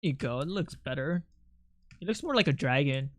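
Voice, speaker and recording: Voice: medium pitch, animated, a little fast, no room sound. A streamer chatting casually with the audience while drawing, talking in a rambling, self-interrupting way and swearing freely. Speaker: streamer and artist.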